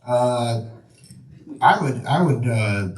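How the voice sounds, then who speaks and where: A male comedian doing laid-back crowd work, chuckling, halting over fillers. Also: mid-range voice, animated, distant mic. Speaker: comedian and host. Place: comedy club stage. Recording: roomy club sound from afar, crowd. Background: audience laughter.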